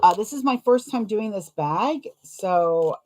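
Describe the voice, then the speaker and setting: A woman's voice: mid-range voice, animated, unhurried, a little mellow. A young adult woman chatting casually while sewing, rambling and self-deprecating, laughing often and wincing from a sore foot. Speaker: sewing vlogger.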